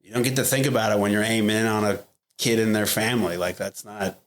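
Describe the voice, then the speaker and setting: A man's voice: lowish voice, fairly even intonation, quick pace. A middle-aged man speaking as a podcast guest, blunt and profane, with frequent "like" and "you know" in his speech. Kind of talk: candid interview talk.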